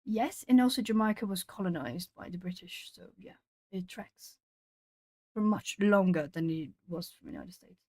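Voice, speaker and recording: A woman's voice: lowish voice, moderate pace, a little mellow. Chatty woman hosting a colouring stream. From Brazil. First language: Portuguese. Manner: chatty, musing aloud to viewers. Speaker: art stream host. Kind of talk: casual chat while colouring.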